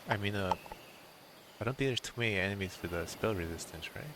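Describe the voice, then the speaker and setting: A man playing a tabletop game, thinking aloud in a low-key way. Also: quick pace, a bit bright, slight background noise. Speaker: player. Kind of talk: casual tabletop chat.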